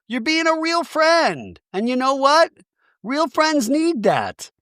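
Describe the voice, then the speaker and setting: A consoling woman, as a man puts her on, drags her words out slow and sweet in a high, lifted voice. She talks like she is soothing a crying friend, and the sound is dry and close. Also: big pitch swings, fairly bright tone, no echo, full character voice.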